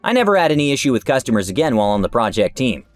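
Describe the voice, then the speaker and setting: A man narrating internet stories in an animated, emphatic reading voice, with faint music behind. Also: medium pitch, rapid-fire, no room sound. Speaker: story narrator.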